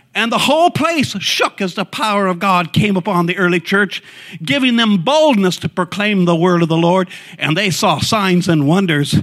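Testifying with fervor in church, this man starts out soft and low-pitched, then breaks into excited bursts as he goes on.

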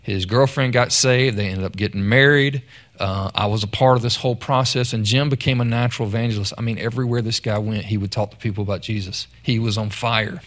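A man's voice: fairly low pitch, steady tone, a little fast, fairly bright tone. A man preaching a sermon in a conversational storytelling way. He often repeats words and calls out to the congregation.

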